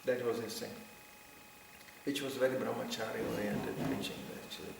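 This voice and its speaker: This middle-aged man has a creaky, medium-pitched voice and a moderate pace as he shares memories with a devotional gathering. He laughs often and acts out others' words in a lively anecdotal style. Background noise is noticeable, the room is very echoey, and the mic is far off.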